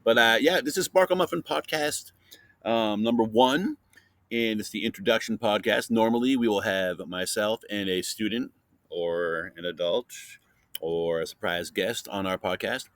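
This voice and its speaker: Man, podcast host, playful and chatty, fairly low voice. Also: normal speed, fairly bright tone, dry recording. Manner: playful, mock-interviewing a silent spider guest; chatty with many fillers. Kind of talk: casual kids' science podcast.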